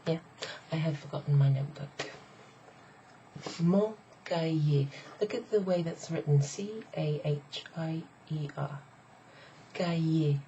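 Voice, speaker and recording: A middle-aged woman teaching a casual online French lesson, chatty and explaining step by step while repeating phrases slowly. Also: sits low, warm tone. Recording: slightly dull lo-fi sound with faint noise.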